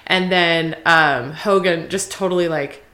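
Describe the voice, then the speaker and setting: A woman in casual movie-review chat, animated and quick to act out the lines she quotes. Her voice sits slightly low, and the room gives it a noticeable echo. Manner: animated, acts out quoted lines, laughs often. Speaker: podcast co-host.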